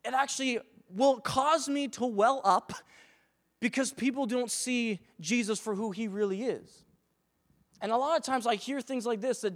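A young man, a pastor, preaching a sermon in an animated way and acting out the voices of the people he talks about. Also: very high voice, moderate pace. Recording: long reverb of a church hall.

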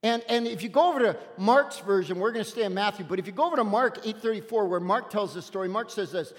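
A man's voice: sits high, fast. A man preaching a sermon in an emphatic, conversational way with punchy asides, in a church sanctuary. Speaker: pastor. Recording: long hall reverb.

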